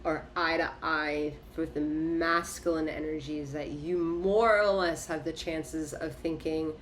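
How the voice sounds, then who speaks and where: A woman with a deep, fairly even voice speaks a little slowly, with a bit of hiss or hum in the background. She gives a casual spoken tarot reading, emphatic and profane, repeating short phrases for punch and breaking into laughter.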